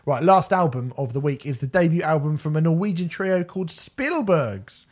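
A man's voice: fairly high pitch, animated, moderate pace, a little mellow. Sweary, chatty man reviewing albums. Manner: enthusiastic, sweary, restarts sentences. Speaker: podcast co-host. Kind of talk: casual music review chat.

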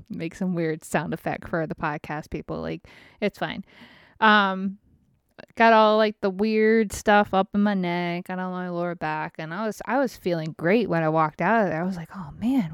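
A woman's voice: lowish voice, smooth, dry recording, studio quality. A middle-aged woman hosting a podcast, telling a rambling, frank story with plenty of swearing, restarts and asides. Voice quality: frank, swears freely, laughs between stories. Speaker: podcast host. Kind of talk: casual podcast monologue.

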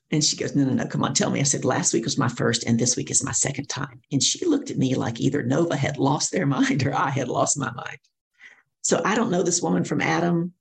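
A middle-aged woman, a guest speaker and coach, telling stories lively and acting out the voices of people she quotes. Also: rumbling low, a little fast, gravelly. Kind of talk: storytelling interview.

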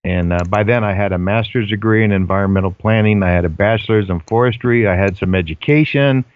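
A man's voice: fairly low pitch, fast, clear, resonant tone, dry recording, narrow, tinny audio. An older man, a guest on a casual talk show, telling his stories earnestly with frequent fillers and restarts. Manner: earnest storytelling, hesitant fillers. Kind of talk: casual chat.

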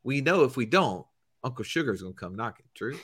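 A man co-hosting a podcast, talking emphatically with dramatic pauses. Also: mid-range voice, lively intonation, fairly bright tone, husky. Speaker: podcast co-host. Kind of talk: podcast intro chat.

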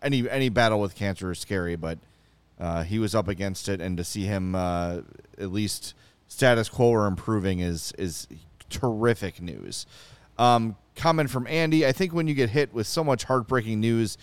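A man's voice: on the low side, normal speed, clean tone, dry recording. A man with a Chicago accent hosting a sports podcast, talking casually and swearing in frustration. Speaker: podcast host.

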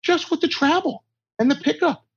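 This is a very high-pitched middle-aged man at a moderate pace, a guest in a conversational interview. He delivers tough-love advice bluntly and forcefully, performing the quoted exchanges himself. Sound quality is dull, dry and lo-fi.

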